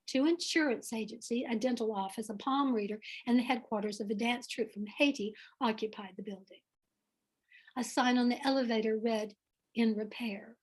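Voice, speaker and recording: A woman author reading from her own novel in an expressive, unhurried storytelling manner, at an online event. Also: fairly high pitch, husky. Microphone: online event, home setup.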